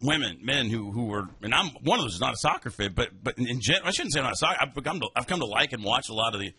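A man's voice: medium pitch, animated, fast, bright, forceful tone, breathy edge. A man co-hosting a casual sports talk show, wisecracking and laughing often.

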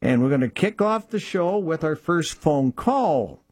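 A man hosting a radio buy-and-sell call-in show, reading listings plainly and repeating phone numbers slowly. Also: fairly high pitch, animated, darkish tone, dry recording, clean studio sound.

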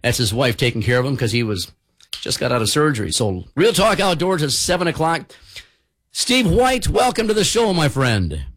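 A man's voice: on the high side, sing-song, normal speed, fairly bright tone. A man hosting a radio show, chatty and joking as he tells stories in the studio. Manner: chatty, jokey, storytelling. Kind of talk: casual radio talk.

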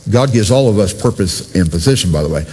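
A man's voice: low-pitched, animated, quick pace, warm tone, breathy edge. A male pastor preaching a sermon in a conversational way, talking directly to his congregation. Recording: long reverb from a church hall.

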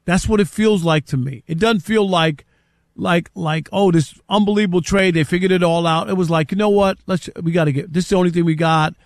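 A man's voice: high-pitched, brisk, no room sound, studio quality. An older man hosting a sports talk show, speaking in casual, rambling sentences and often repeating words as he starts a thought. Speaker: sports radio host.

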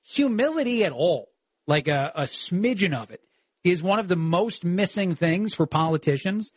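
A man filling in as a talk show host, arguing his opinions in an animated way. His voice sits a bit high and he scatters "uh" fillers through his sentences. The sound is dry and close to the mic. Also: normal speed, slightly rough, dry recording. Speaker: fill-in radio talk host. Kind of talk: opinionated talk radio commentary.

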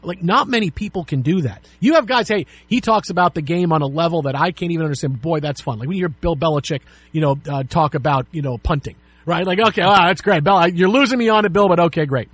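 Middle-aged guy on sports radio, kinda high husky voice, dry close mic, tells stories doing everyone's voices. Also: fast talker, hardly any pauses, no room sound. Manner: animated storyteller, acts out quotes. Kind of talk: casual sports talk.

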